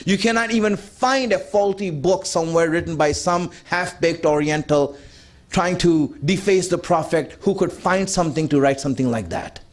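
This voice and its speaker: A man delivering a sermon, emphatic and conversational, repeating his key points and putting rhetorical questions to the audience. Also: sits high. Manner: conversational, addresses the audience directly. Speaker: religious speaker.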